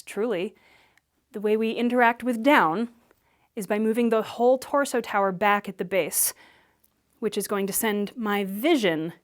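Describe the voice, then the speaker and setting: A woman Alexander Technique teacher who explains and demonstrates movement for public speaking in a clear, patient way. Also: medium pitch.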